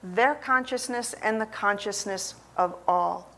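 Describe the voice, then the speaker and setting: A woman minister telling a story and then giving a measured, earnest sermon. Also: mid-range voice, fairly bright tone.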